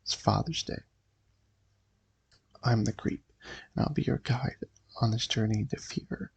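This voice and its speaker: A ghoulish comic-book horror host, read aloud by a man, teasing the reader in a gravelly, raspy voice. He draws out his lines with sly relish, and the sound is close and dry. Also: mid-range voice, a little slow, dry recording, exaggerated voice, poor audio.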